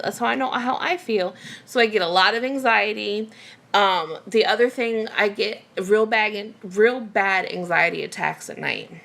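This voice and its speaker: A woman's voice: medium pitch, creaky, bright, forceful tone. A woman vlogger in a candid personal rant to camera, venting emotionally with many fillers and restarts.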